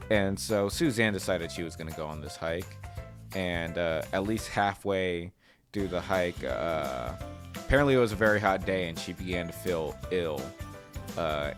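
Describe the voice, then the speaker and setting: A low-voiced man hosting a comedy podcast, wandering through a story with plenty of "uh"s. Clear music plays steadily behind him. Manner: loose, rambling, many fillers. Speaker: podcast host.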